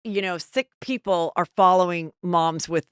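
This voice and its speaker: A middle-aged woman hosting a podcast, telling stories in a chatty, animated casual chat. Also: lowish voice, a little slow, smooth, no room sound, clean studio sound. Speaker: podcast host.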